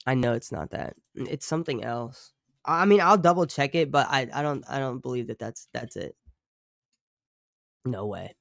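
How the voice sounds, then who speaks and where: A man's voice: medium pitch, moderate pace, gravelly, no room sound, clean studio sound. Profane, rambling man streaming live. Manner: profane, rambling, animated asides to chat. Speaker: true crime streamer and musician. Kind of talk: casual live-stream chat reading chat.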